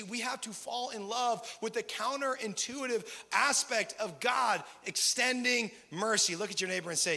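A man preaching in a high, bright, tense voice with a gravelly edge. His sermon moves from casual talk to loud, passionate peaks. The hall gives a long, ringing reverb. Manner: passionate, conversational preaching with rising emphatic peaks. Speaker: pastor.

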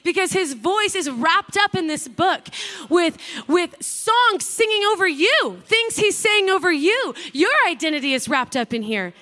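High-voiced excitable woman preacher in her thirties. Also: a little slow. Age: 30s. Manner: excitable, chatty, lots of fillers and asides. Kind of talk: casual youth sermon.

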